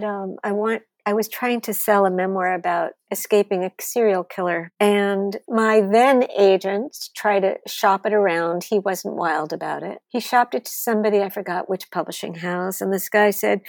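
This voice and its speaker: A woman, a wine author telling candid stories as an interview guest, blunt and animated, acting out what people said. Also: mid-range voice, no room sound. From United States. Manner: blunt, animated storyteller who swears and acts out quotes.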